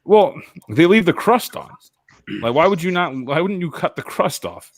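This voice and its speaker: Incredulous man with an animated voice. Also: fairly high pitch, normal speed, no echo. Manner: emphatic, incredulous complaints. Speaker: radio show co-host. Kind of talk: casual sports radio banter.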